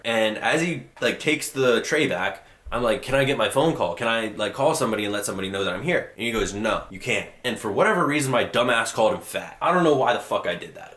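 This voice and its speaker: A young man in his twenties telling a personal story in a blunt, profane, rushed way. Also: lowish voice, fairly bright tone. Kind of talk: personal storytelling, casual monologue. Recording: echoey room.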